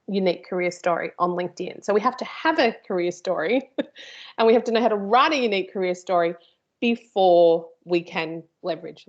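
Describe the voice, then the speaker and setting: A woman's voice: fairly low pitch, dull audio. A woman teaching a live workshop, chatty and informal, with playful asides to her host. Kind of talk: live online workshop presentation.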